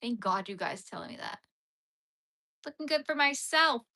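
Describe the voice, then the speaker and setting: A young Canadian crochet live streamer rambles casually to viewers while crocheting, using "like" frequently. She speaks at a moderate pace in a pushed, bright voice on the high side, with lively intonation.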